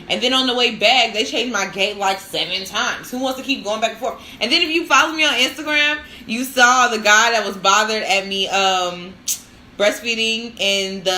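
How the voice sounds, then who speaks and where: A woman with a medium-pitched, sharp-toned voice hosts a casual live stream, telling chatty stories packed with "like" and bursts of laughter; she's also a new lactation counselor. The audio is poor, in an echoey room.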